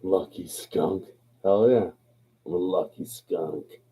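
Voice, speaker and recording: Tipsy stream host, laid-back and profane, very dark and mellow tone. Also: male voice, deep voice, slow, breathy edge, low-quality recording. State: tipsy from drinking. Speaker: livestream host. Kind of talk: rambling casual livestream chat.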